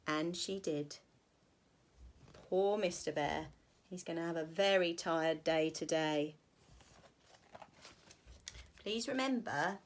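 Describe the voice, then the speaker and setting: Slow, expressive teacher reading a storybook. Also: female voice, on the low side. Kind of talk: reading a picture book to children.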